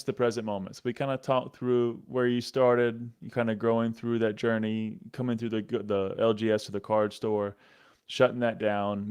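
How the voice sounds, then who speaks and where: A man's voice: mid-range voice, clean tone. A man hosting a podcast interview, asking questions in an easygoing, jokey way. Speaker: podcast host.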